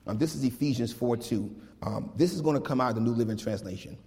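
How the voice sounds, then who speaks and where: A man preaching a casual, lively sermon, animated and full of slang, talking to his congregation like old friends. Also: mid-range voice, fast talker. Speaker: pastor. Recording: long hall reverb.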